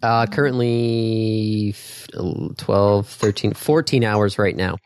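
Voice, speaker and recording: A man co-hosting a podcast in casual chat, relaxed and chatty with a playfully stubborn streak. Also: lowish voice, slow, dry recording. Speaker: podcast co-host.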